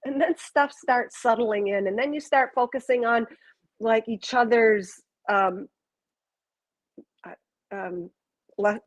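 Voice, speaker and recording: Soft-spoken woman reading oracle cards. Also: on the high side, takes it slowly, pauses often, low-quality recording. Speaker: card reader. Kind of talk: live oracle card reading.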